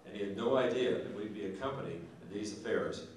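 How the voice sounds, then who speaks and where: A man's voice: on the low side, quick pace, slight background noise. A man giving an after-dinner speech at a banquet, telling a folksy joke and acting out its characters. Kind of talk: storytelling speech. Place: large banquet hall. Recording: echoey hall from far off.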